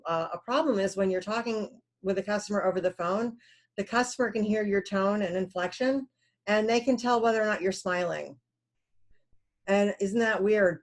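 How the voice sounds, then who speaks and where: A woman giving a recorded computer science lecture, her voice sitting at an ordinary middle pitch. She talks in a loose, chatty way with plenty of fillers, now and then acting out a stressed caller in a quick aside. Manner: relaxed, conversational, many fillers; acts out callers in quoted asides.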